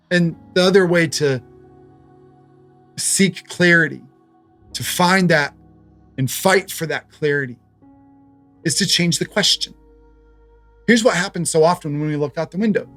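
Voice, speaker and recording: A man in his thirties preaching a sermon as pastor, in a conversational way, telling stories with humor. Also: on the high side.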